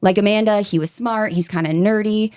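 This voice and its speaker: A woman's voice: mid-range voice, brisk, clear, resonant tone. A young woman hosting a podcast, telling a true crime story in a casual, chatty way and casually swearing. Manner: chatty and animated, swears casually, slips into quoting voices.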